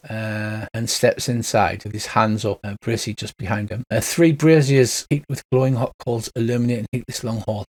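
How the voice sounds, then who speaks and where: A man narrating a tabletop game as game master, halting and full of fillers. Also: mid-range voice, darkish tone. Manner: hesitant, lots of uh and um.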